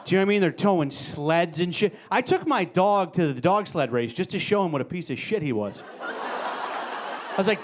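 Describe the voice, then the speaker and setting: A man's voice: high voice, animated, moderate pace, a little hiss or hum. A male comedian doing a stand-up set, exasperated and mock-scolding.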